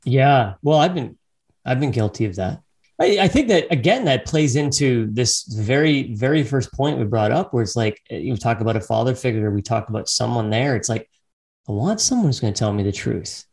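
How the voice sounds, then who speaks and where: A man's voice: medium pitch, expressive, moderate pace, a little mellow. A man hosting a casual interview podcast, musing reflectively with frequent listening murmurs. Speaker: podcast host.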